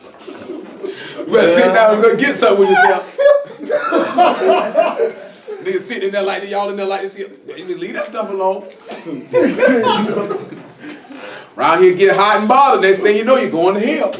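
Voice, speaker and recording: A man joking and preaching to a group, loud and slangy, acting out quick voices. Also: high-pitched, sing-song, very noisy. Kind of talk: joking, preaching Bible study. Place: room with a group. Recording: echoey room, far mic, crowd. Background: people laughing.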